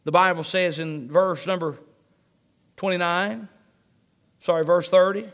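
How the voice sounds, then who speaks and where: Speaking at a measured pace, a man preaching as pastor uses his high voice emphatically and steadily. He repeats himself to drive each point home and reads scripture between them.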